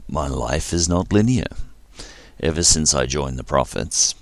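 A man voicing a calm, commanding middle-aged starship emissary with a deep basso voice, speaking in a measured, unhurried way. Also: vocal fry, no echo, heavily acted.

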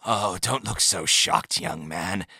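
A male narrator voices a gentle, understated old village leader from a storybook, speaking with easy calm in a deep, crisp tone. The delivery is quiet and dry, slow-paced and heavily acted, with a close, dead sound and no room ambience. The mood is pleasant.

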